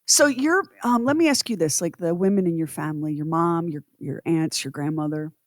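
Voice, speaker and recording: A woman co-hosting a podcast, chatting in an expressive way and building her stories up to punchlines. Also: deep voice, fairly quick, no room sound, studio quality. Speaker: radio and podcast co-host. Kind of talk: casual podcast chat.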